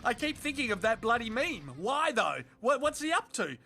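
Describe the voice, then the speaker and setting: A man's voice: extremely high pitch, sing-song, normal speed, bright, forceful tone. An Australian man doing sarcastic, sweary comedic voice-over commentary on viral clips. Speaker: video reviewer.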